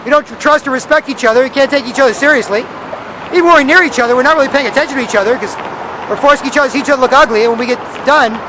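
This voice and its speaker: A man vlogging on a downtown street corner, ranting and repeating himself in a rambling monologue. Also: very high-pitched. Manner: repetitive, ranting, acts out other people's voices. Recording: faint traffic noise outdoors.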